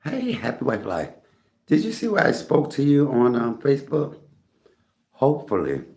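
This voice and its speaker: A middle-aged man hosts a casual livestream from a room in his home, recording on a phone on a tripod. His mid-range voice has huge pitch swings, vocal fry, and a darkish tone at normal speed. He is chatty, greets viewers by name, and coughs often.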